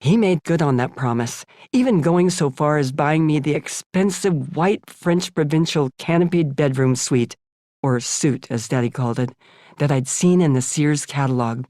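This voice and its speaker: A woman's voice: low voice, normal speed, warm tone, no room sound. A woman in her seventies from the United States, reading her own memoir aloud in a frank, sardonic audiobook style on a studio microphone. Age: 70s. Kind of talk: audiobook narration.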